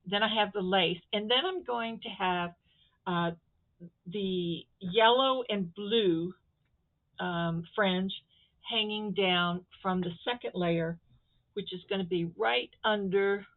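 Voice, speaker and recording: A woman from Florida talks slowly and loosely through a crafting show-and-tell, wandering from one thought to the next as she handles her fabric. The sound is thin and tinny, like a phone recording. Her pitch sits in the middle range. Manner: chatty, rambling, talks to viewers while handling fabric. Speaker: crafting vlogger. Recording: tinny phone-quality audio.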